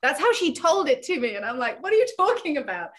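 An actress being interviewed, chatty and animated, laughing often as she tells an anecdote. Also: high-pitched, fast. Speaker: actress guest. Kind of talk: casual interview chat.

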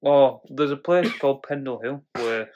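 A man's voice: mid-range voice, moderate pace, a little mellow, muffled recording, a little hiss or hum. A young man, co-hosting a casual podcast chat and swearing freely as he jumps into mock voices. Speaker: podcast co-host.

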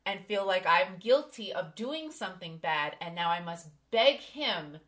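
A woman's voice: on the low side, lively intonation, a little slow, fairly bright tone. A woman hosting a podcast, candidly telling a personal story with emphasis. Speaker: podcast host. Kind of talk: casual podcast conversation.

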